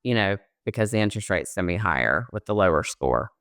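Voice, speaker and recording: Bright, smooth-voiced woman explaining credit. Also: very deep voice, animated, quick pace, no echo, clean studio sound. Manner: explanatory, uses fillers. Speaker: mortgage loan officer, podcast guest. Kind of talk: casual interview chat.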